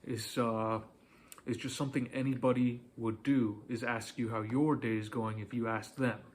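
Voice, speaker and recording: A man's voice: medium pitch, flat delivery, normal speed. A man giving dating advice in a casual, direct monologue, coaching the listener and often checking in with "okay?".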